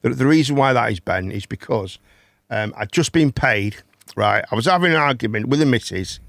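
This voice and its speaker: A man's voice: mid-range voice, lively intonation, fairly quick, vocal fry, a bit bright, dry recording, studio quality. A man, hosting a casual chat and telling a long story, rambling, swearing and repeating words. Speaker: host.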